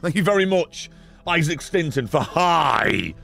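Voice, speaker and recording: A man's voice: on the high side, very animated, a little slow, gravelly, a bit bright, faint music behind. Sweary man ranting on stream. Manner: profane, exasperated ranting at chat. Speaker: game streamer. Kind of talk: live gameplay stream commentary.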